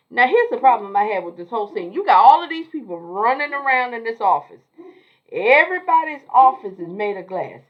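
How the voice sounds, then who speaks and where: A woman's voice: on the high side, very animated, brisk. Woman, sassy slangy TV recap, chatty, muffled lo-fi sound. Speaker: show recapper. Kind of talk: casual TV recap.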